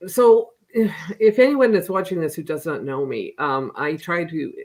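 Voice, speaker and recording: A middle-aged woman, an author guest, talking casually and hesitantly, with many pauses and restarts. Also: sits low, a little mellow. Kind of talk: casual interview chat.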